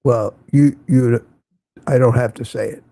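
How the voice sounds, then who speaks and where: A man's voice: mid-range voice, steady tone, measured pace, dark tone, no room sound. An older man hosting a casual morning livestream, greeting viewers by name and rambling sarcastically. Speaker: livestream host.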